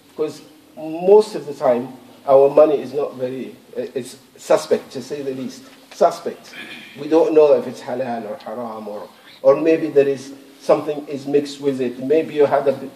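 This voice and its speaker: A man's voice: fairly high pitch, warm tone. A man giving a Friday sermon as imam in a mosque, talking conversationally, repeating words and reciting scripture in Arabic. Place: mosque prayer hall. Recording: echoey, distant room recording.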